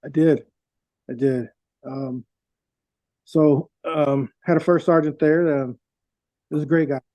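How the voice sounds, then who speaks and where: A man's voice: fairly high pitch, steady tone, slow, mellow, dry recording. A middle-aged man, a veteran guest, tells his stories in a casual, rambling way with many fillers and restarts. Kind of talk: casual storytelling. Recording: dull, dry lo-fi sound.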